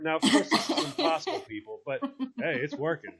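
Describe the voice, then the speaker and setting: A man's voice: on the high side, wildly swooping pitch, a little fast, gravelly, a bit bright. A man telling a funny story with drama, acting out the voices and laughing often. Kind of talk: animated storytelling. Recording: dull lo-fi sound.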